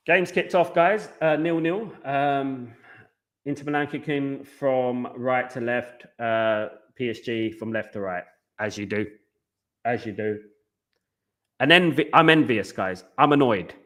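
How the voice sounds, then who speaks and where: A man's voice: mid-range voice, measured pace, a bit bright. A chatty man talks loosely over a live football match, circling back to the same points and calling the viewers "guys" again and again. His voice sits in an ordinary middle range. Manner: chatty, rambling, repeats himself, keeps saying "guys". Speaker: watchalong host. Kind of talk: live football watchalong chat.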